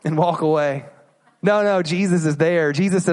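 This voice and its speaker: A man's voice: on the high side, moderate pace, a little mellow. A man preaching a sermon, asking rhetorical questions and acting out inner voices. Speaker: pastor.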